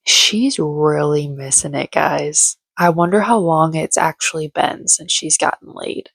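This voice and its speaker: A woman's voice: on the low side, slow, breathy edge, no echo. A young woman recapping a reality show in casual, gossipy, sarcastic chat. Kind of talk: casual chatty commentary.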